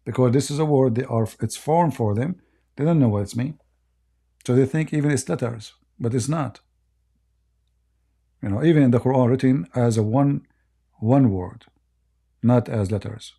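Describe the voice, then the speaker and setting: A man hosting a live call-in discussion, explaining slowly with halting pauses. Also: mid-range voice, mellow, slightly rough. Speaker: host of a call-in apologetics show.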